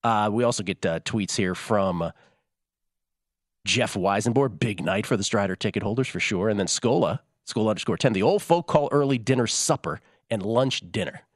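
A man's voice: fairly low pitch, normal speed, no room sound, studio quality. A man hosting a sports betting show, chatting casually with rambling asides.

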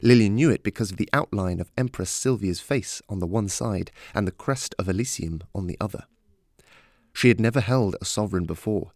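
Low-voiced guy reading a storybook, steady and measured, dry close sound. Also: dry recording. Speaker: narrator. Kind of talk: scripted storybook narration.

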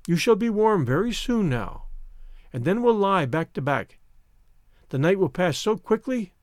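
A man's voice: high voice, sing-song, a little slow, a little mellow, dry recording, studio quality. A man reading the part of a battered young servant woman, bitter yet tender, in a whining, lamenting tone. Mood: tender coaxing. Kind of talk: audiobook character reading.

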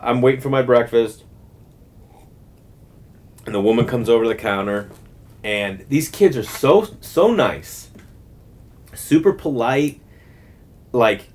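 A man in his thirties hosting a podcast, telling a long casual story, rambling and animated with lots of fillers and restarts. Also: medium pitch. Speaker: podcast host.

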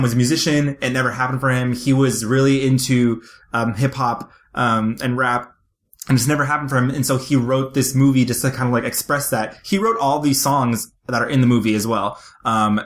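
Male podcast host, mid-pitched, raving casually about films, loose and unfiltered. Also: fairly even intonation, moderate pace. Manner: gushing, enthusiastic, swears casually. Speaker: podcast co-host, film reviewer. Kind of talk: casual chat.

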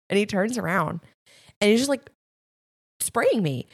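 A woman co-hosting a podcast, chatting casually and telling lively family stories. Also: mid-range voice, slow, husky, dry recording, clean studio sound. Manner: animated storyteller acting out family moments. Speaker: podcast co-host. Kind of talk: casual chat.

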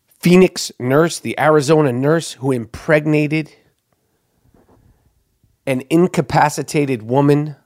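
Male host, slightly high-pitched, crude and sarcastic, ranting through weird news. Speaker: show host. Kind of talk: profane comedic news rant.

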